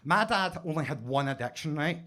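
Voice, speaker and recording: Brief: Scottish stand-up, male, high-pitched, lively mock-pompous storyteller, club stage mic. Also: a little fast. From Scotland. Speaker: stand-up comedian. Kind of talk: stand-up comedy set. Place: basement comedy club stage.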